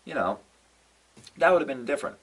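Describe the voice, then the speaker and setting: A young man rants in a casual, exasperated way, sighing and piling up his complaints. His voice sits at an ordinary middle pitch, and he keeps circling back to stress how let down he feels. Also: fairly quick, slightly rough, distant mic, rough recording. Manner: exasperated, animated ranting with sighs and repeated "no"s. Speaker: wrestling fan vlogger. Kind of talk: casual ranting commentary.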